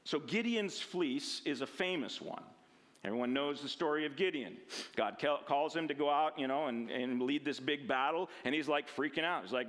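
A man's voice: a little high, normal speed. Casual man teaching the Bible. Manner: casual, animated, frequent tag questions and restarts.

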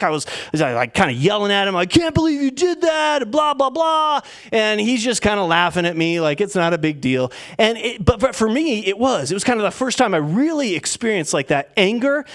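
A man's voice: sits high, fairly bright tone. A man preaching a sermon as pastor, talking in a casual storytelling way with plenty of fillers.

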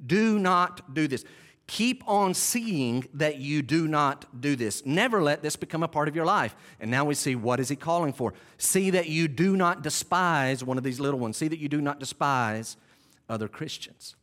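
Preaching in a church sanctuary, this man speaks at a moderate pace in an animated, slightly bright voice that sits on the high side. He emphasizes and repeats key phrases and talks directly to the congregation with self-deprecating humor.

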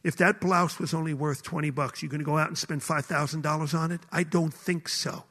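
Brief: male preacher, high bright voice, fiery delivery to a live congregation. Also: steady tone, fairly quick. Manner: passionate, swings from shouting to hushed. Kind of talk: sermon. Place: hall with a live audience.

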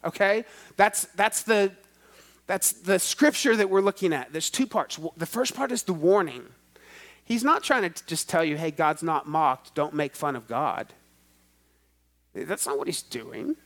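A man's voice: fairly high pitch, sing-song, measured pace, a bit bright. A man preaching a sermon in a church, stretching out key words and swelling with emphasis. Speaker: pastor.

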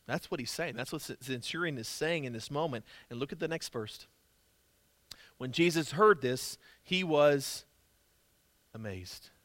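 A male pastor preaching with a high, bright, energetic voice. His delivery is emphatic and conversational, and he repeats key words for stress. The sound is dry and close. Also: measured pace, no echo. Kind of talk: sermon.

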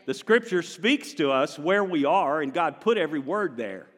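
Male pastor, higher voice, lively conversational sermon, long church reverb. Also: normal speed. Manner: animated, conversational preaching with the congregation. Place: large church sanctuary.

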